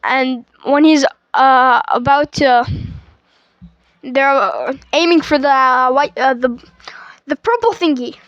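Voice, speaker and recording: A high-pitched woman talks slowly through a movie plot in a loose, rambling way, stopping on fillers and starting over. The recording is close and dry, with no room sound. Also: a bit bright, dry recording, highs cut off. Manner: rambling, with many fillers and restarts. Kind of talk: casual movie retelling.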